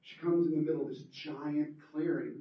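A man telling an animated story to a live audience, laughing and checking in with "right?". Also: fairly high pitch, moderate pace. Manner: lively, laughing, asks "right?" often. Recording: echoey room, far from mic, dull sound.

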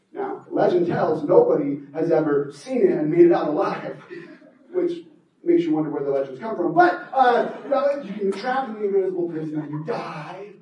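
A man telling an animated story to a live audience, laughing and checking in with "right?". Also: a little high. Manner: lively, laughing, asks "right?" often. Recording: echoey room, far from mic, dull sound.

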